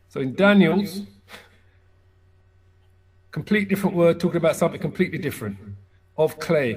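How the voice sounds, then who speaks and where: A man teaching a casual Bible word study, halting and correcting himself as he repeats Hebrew sounds, sometimes laughing at his own pronunciation. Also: on the high side, husky.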